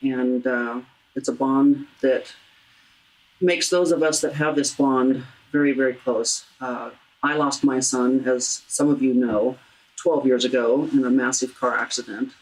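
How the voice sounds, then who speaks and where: Brief: low-voiced female host, earnest and halting, interview on grief. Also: steady tone, a little mellow, low-quality recording. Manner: earnest, halting, with many restarts. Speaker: talk show host. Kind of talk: heartfelt interview about grief.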